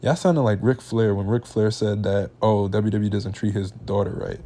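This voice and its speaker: A man's voice: lowish voice, steady tone, moderate pace, dark tone, a little hiss or hum. A young man hosting a reaction channel, ranting in heated, slangy casual commentary.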